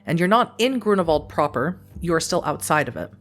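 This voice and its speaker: Low-voiced woman narrating a tabletop game. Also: sing-song, soft background music. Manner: descriptive, measured narration. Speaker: storyteller.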